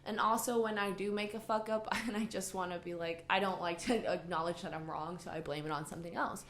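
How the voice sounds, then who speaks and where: Speaking fast in a lowish, somewhat bright voice with a steady tone, this woman co-hosts a podcast and launches into a heated, profanity-heavy rant during casual chat. Spanish is her native language, and the room echoes noticeably.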